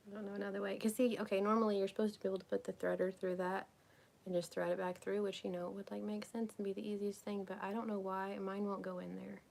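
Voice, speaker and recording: A woman chats on a live crafting stream, rambling from one thought to the next. Her voice has a gravelly fry, sits at an average pitch for a woman, and often drops into a whisper. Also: darkish tone. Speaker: crafting vlogger. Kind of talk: casual live-stream chat while crafting.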